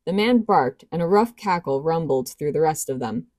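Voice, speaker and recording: A woman narrating a novel in a steady, even storybook reading. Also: low-pitched, normal speed, dry recording, clean studio sound. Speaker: audiobook reader.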